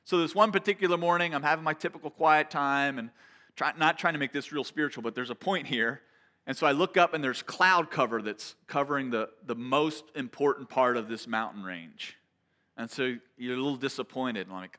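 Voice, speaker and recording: A man's voice: medium pitch, a little fast, sharp tone. A man preaching a sermon, telling a personal story in a conversational, earnest way. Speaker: pastor.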